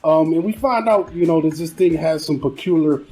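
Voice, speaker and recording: A man's voice: on the high side, moderate pace, warm tone, low-quality recording. Laid-back man hosting a film podcast. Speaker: podcast host. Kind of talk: casual chat.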